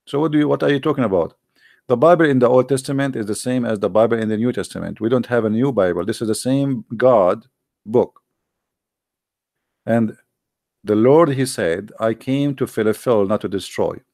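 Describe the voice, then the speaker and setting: A man with halting, non-native English giving a casual, heated, argumentative monologue to viewers, often repeating himself. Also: medium pitch, vocal fry, a little mellow, no echo, studio quality. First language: not English.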